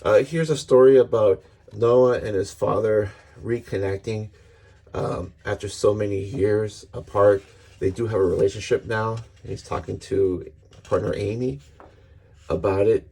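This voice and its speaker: Earnest, husky-voiced man reviewing comics. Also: on the low side, fairly even intonation, a little slow, darkish tone. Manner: earnest, rambling, restarts often. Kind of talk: casual book review.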